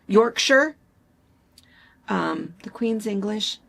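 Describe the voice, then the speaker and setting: A woman's voice: lowish voice, moderate pace, gravelly, breathy edge. A middle-aged American woman hosting a casual chat, rambling along with lots of fillers. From United States. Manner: rambling, chatty, with frequent fillers. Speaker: show host.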